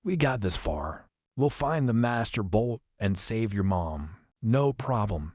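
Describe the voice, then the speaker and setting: A nervous young satyr who chimes in eagerly, as a man reads him in an audiobook. The voice is lowish and dry, close to the reader's own. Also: very animated, slow pace, darkish tone, no room sound, exaggerated voice. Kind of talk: audiobook character reading.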